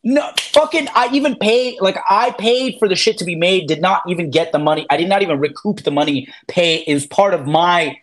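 In a high-pitched, slightly bright voice, a former reality show contestant in his thirties, raised by immigrant parents, speaks fairly quickly with hardly any pauses. As an interview guest in a casual chat, he rambles and swears, using lots of fillers and acted-out quotes.

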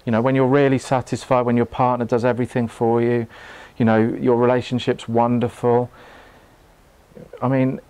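A man, giving a live talk to a group in a room, earnest and halting, often restarting his words and laughing. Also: medium pitch, little pitch movement, a little mellow, smooth, dry recording. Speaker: meditation teacher. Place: room with an audience.

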